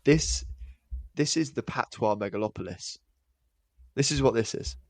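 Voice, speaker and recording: A man's voice: medium pitch, animated, moderate pace, no room sound. A young man co-hosting a film podcast, chatting casually and joking, with many restarts. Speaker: podcast co-host. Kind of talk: casual chat.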